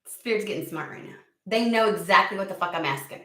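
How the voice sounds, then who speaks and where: A woman giving a casual tarot reading, excitable and profane, who argues back at the cards she draws. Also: mid-range voice, quick pace, roomy sound, distant mic. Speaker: tarot reader.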